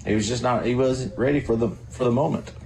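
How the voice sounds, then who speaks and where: A man's voice: medium pitch, fast talker, gravelly, a little mellow, slight background noise, rough recording. A man giving casual, confident analysis as a guest on a sports radio show.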